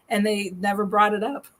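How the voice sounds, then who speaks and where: A woman hosts a relaxed paranormal talk show. She tells her stories in a chatty, animated way, with a voice of middling pitch. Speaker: host. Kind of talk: casual chat.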